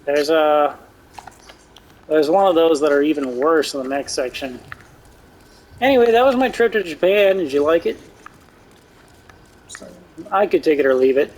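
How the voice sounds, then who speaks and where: A man's voice: on the high side, normal speed, long pauses, darkish tone, rough recording. A man hosting a gameplay video, telling a long story in a casual, rambling, profane way. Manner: laid-back, profane, rambling. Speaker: gaming channel host. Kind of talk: casual storytelling while playing.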